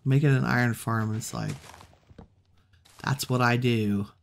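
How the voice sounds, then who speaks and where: A woman hosting a relaxed let's-play, musing aloud and chatting to the animals she meets in the game. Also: very deep voice, measured pace, creaky, a little hiss or hum. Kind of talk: relaxed gameplay commentary.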